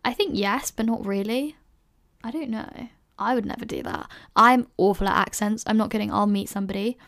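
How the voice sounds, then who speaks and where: A woman's voice: mid-range voice, fairly quick, a bit bright. A young woman in her early twenties hosting a casual solo Q&A podcast, rambling chattily with lots of "like" and self-conscious laughs. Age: early 20s. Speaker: podcast host.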